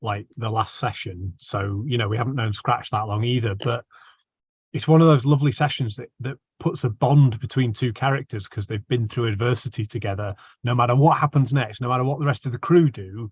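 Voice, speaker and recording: A man playing in a tabletop game, telling his character's story in an animated way. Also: medium pitch, brisk, breathy edge, no room sound, muffled recording. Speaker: player. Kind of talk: tabletop game play and chat.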